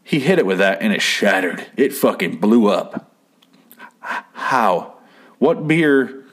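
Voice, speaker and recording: A man's voice: on the low side, sing-song, slow, fairly bright tone. A man in his thirties casually recapping a TV episode, rambling and crude, acting out the characters' lines. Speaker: show recapper.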